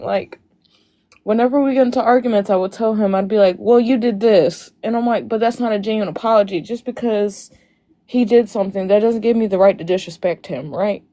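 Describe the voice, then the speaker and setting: A woman's voice: medium pitch, fairly quick, warm tone. A young woman calling into a live Q&A over a video call, telling her story while crying, rambling with many fillers. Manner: tearful, rambling, frequent "like" fillers. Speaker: caller on a live Q&A. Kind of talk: emotional personal account.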